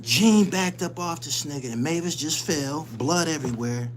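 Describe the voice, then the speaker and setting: A man's voice: a little high, normal speed, a little hiss or hum. A man hosting his channel, telling a story in casual, profane street slang and laughing often as he goes. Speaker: channel host.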